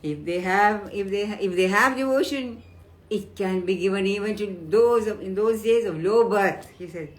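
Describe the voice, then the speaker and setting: Older woman giving a gentle spiritual discourse. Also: mid-range voice. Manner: unhurried, halting, with many restarts and soft fillers; gentle and earnest, quoting the deity in a tender voice. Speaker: spiritual teacher. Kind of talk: devotional scripture discourse.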